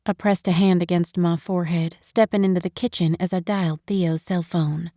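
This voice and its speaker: Expressive female audiobook narrator. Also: fairly low pitch, dry recording, studio quality. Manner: expressive, measured storytelling. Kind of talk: scripted first-person narration. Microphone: studio microphone, close.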